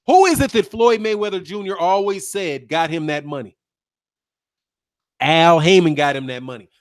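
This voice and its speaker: A man hosting a boxing channel stream, chatty and animated, talking straight to his viewers and laughing often. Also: sits high, moderate pace. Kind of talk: live-stream boxing commentary.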